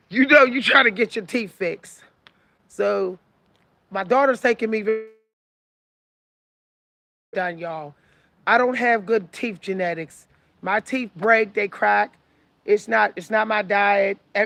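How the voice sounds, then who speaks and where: Speaking directly to her audience, the forties-aged vlogger preaches casual advice and hammers points home through repetition. Her voice runs slightly high and has a creaky quality.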